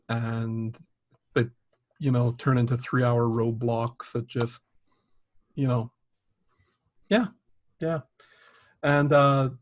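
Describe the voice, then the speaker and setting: Un homme canadien d'âge mûr, au ton décontracté et autodérisoire, anime un podcast en toute simplicité, la voix d'une hauteur moyenne. Son micro faiblit et baisse de niveau par moments. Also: male voice, mid-range voice. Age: middle-aged. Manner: easygoing, self-mocking, many fillers. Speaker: podcast co-host. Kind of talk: casual chat. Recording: level drops out and goes quiet.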